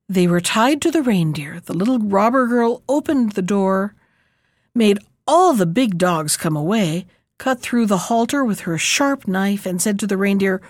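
Woman reading a fairy tale aloud, lively, dry close sound. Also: medium pitch, normal speed, no room sound. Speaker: narrator. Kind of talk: storybook reading.

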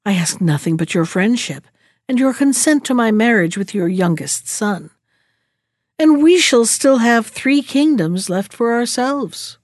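A woman's voice: on the high side, animated, unhurried, no echo, clean studio sound. Woman reading as a gracious young princess.

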